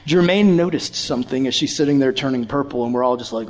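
A young adult man preaching a sermon, telling a personal story in an animated way and acting out voices from it. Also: mid-range voice, quick pace. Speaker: youth pastor.

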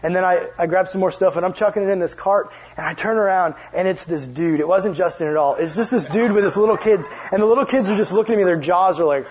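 A man's voice: high voice, fast, hardly any pauses, darkish tone, breathy edge. A young man preaching to a youth group in a casual, joking storytelling style, often turning to ask the audience questions. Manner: casual, chatty, jokey asides to the audience. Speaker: youth pastor. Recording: dull lo-fi sound.

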